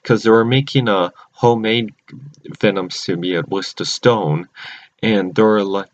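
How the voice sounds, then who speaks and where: A man's voice: fairly low pitch, a little slow. Male home recapper, rambling with constant restarts; dull, lo-fi capture. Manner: rambling, many restarts and self-corrections. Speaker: cartoon episode recapper. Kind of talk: casual unscripted recap. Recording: dull lo-fi recording.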